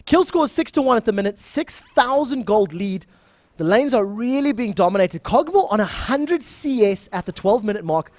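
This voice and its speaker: A young man with a South African accent doing live esports play-by-play, speeding up and getting louder in the big moments. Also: high-pitched, dry recording. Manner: fast, excitable play-by-play that rises in big moments. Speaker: esports shoutcaster. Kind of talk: live game commentary.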